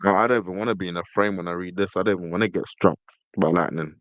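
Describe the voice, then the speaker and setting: A man's voice: low-pitched, fairly even intonation, rapid-fire, no room sound. Emphatic man hosting a podcast. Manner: emphatic, repeats words when stressing a point. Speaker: podcast host. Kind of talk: casual commentary reading from a screen.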